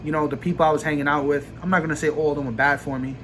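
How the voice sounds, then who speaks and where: A man's voice: fairly high pitch, steady tone, a bit bright, a little hiss or hum. A young man with a New York accent, venting casually and profanely about his job as a vlogger. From Brooklyn, New York. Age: young adult. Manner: profane, ranting, rapid bursts.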